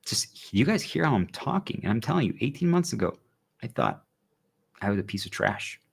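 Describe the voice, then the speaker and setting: A man's voice: medium pitch, sing-song, fairly quick, creaky, slightly rough. A man talking casually and earnestly to his viewers, rambling and often asking whether they understand. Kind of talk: casual monologue to an audience.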